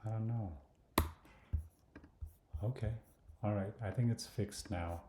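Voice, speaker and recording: Low slow man muttering through a tutorial. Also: heavy background noise. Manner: thinks aloud, often drops to a mutter or whisper; hesitant, many fillers and restarts. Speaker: design tutor. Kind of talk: screen-recorded design walkthrough. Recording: echoey room.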